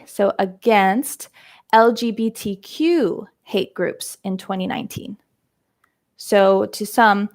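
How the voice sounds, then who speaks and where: A woman teaching English vocabulary in a live-streamed lesson, explaining terms step by step. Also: on the high side. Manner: slow, explains terms step by step, frequent "um" and "right?".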